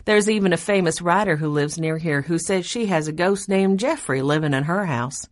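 A woman's voice: fairly low pitch, moderate pace, no echo, clean studio sound, lightly acted. A woman voicing a cheerful young college student in a storybook reading.

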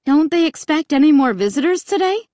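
A woman's voice: high voice, animated, brisk, mellow, dry recording, clean studio sound, pitched above the performer's own voice. A woman voicing an anxious, breathless mother. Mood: worried. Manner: breathless, worried.

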